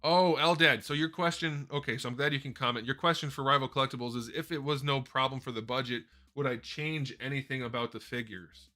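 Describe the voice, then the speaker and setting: A man's voice: medium pitch, steady tone, fairly quick, hardly any pauses, bright, forceful tone. A man hosting a casual live question-and-answer stream, talking into a desk microphone in a rambling, self-correcting way. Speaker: host answering viewer questions. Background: faint background music.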